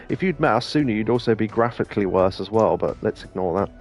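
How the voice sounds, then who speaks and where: A man's voice: lowish voice, animated, fast talker, few pauses, a little mellow, faint music behind. A man chatting casually over gameplay, rambling through stories with many restarts and laughs. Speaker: let's play host.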